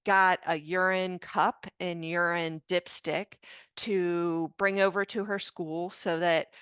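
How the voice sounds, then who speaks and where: A woman's voice: lowish voice, flat delivery, a bit bright, smooth, no room sound. A woman in her fifties, a doctor and mother, earnestly telling a personal story in an interview. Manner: slow, earnest, emotional recounting. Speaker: physician and parent guest.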